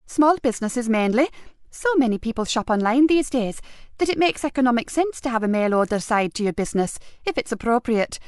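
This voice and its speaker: A woman's voice: fairly high pitch, expressive, brisk, a little mellow, no echo, clean studio sound, lightly acted. A woman reading an audiobook, voicing a chatty, protective middle-aged wife who sounds eager and a little fussy.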